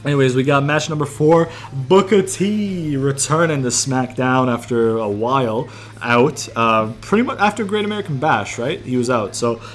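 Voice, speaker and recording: A man's voice: medium pitch, normal speed, soft background music. A man giving casual, rambling gameplay commentary, thinking aloud and swearing freely. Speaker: gaming YouTuber.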